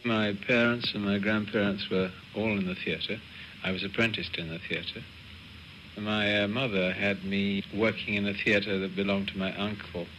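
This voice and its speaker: A man speaking in an archive interview, reflective and halting. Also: lowish voice, steady tone, pushed and bright, a little hiss or hum, poor audio.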